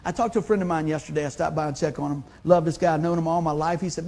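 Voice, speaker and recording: A man's voice: fairly high pitch, steady tone, rapid-fire, vocal fry, darkish tone. A man, preaching a sermon in a folksy, conversational way. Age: 50s. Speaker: pastor.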